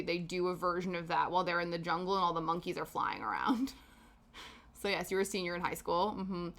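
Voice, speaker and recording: Bright-voiced woman streamer chatting. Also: mid-range voice. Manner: chatty and rambling, answering chat with frequent laughs. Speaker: live-stream host. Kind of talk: casual chat while knitting on stream.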